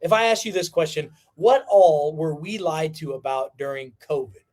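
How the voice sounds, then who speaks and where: A man's voice: fairly high pitch, normal speed, darkish tone. A man hosting a livestream, giving a fiery, preachy monologue that hammers points home by repeating them. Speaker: livestream host.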